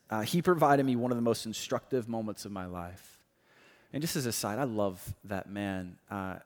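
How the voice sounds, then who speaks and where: A man preaching a sermon. He tells a story quietly, then builds to loud, emphatic preaching. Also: lowish voice. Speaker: pastor. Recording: long hall reverb.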